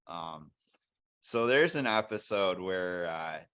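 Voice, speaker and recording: A man's voice: low-pitched, expressive, slow pace, a bit bright, smooth. A man co-hosting a casual podcast, rambling and swearing as he retells TV scenes. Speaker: podcast co-host. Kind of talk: casual chat.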